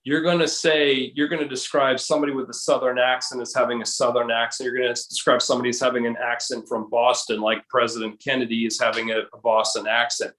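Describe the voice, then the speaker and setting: A man's voice: mid-range voice, little pitch movement, quick pace, few pauses, fairly bright tone, reverberant, poor audio. A man guest in a casual video chat, explaining at length with many restarts and hesitations. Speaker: guest, case researcher.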